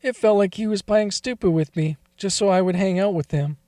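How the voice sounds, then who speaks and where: A man with a notably high voice reads a first-person story aloud, his delivery confessional and wavering with emotion. The sound is dry and close, with almost no room around it. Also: fairly quick, warm tone, no echo. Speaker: narrator.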